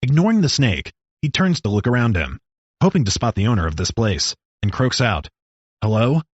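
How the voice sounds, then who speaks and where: A man narrating a story with a steady, descriptive reading. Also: medium pitch, a little fast, husky, no room sound, lo-fi sound.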